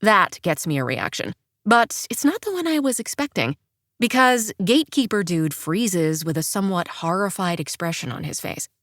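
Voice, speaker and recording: A woman narrates a first-person romance audiobook in a chirpy, expressive way, lifting into bright sing-song dialogue. Her pitch moves a lot and stays mid-range. The recording is dry and close. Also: normal speed, no echo.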